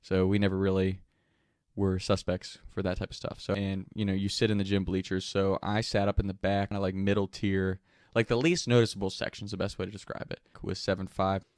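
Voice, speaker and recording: A man's voice: deep voice, flat delivery, a little fast, darkish tone, no room sound. Laid-back, swearing male storyteller. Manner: laid-back, profane, rambling with many fillers. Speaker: host. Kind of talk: casual storytelling.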